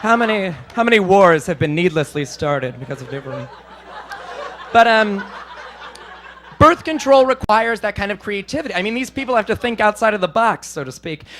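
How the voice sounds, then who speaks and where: Male comedian, high voice, animated, self-deprecating, stage mic, live club set. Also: moderate pace, slight background noise. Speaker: stand-up comedian.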